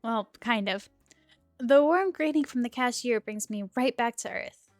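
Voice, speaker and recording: A woman's voice: a little high, steady tone, normal speed, no echo, studio quality. Chatty woman streamer reading a game aloud. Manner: chatty, giggly asides between read lines. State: sore throat. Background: faint game music.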